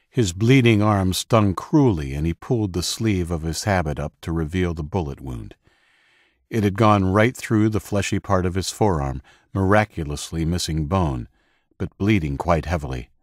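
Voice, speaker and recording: A man narrating an audiobook in a steady, measured way on a close microphone. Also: deep voice, dry recording. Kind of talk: scripted narration.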